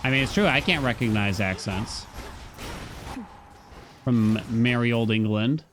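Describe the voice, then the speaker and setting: Over music, a man streams his gameplay, talking easily to chat and humming as he goes. He has a medium-pitched voice and takes his time.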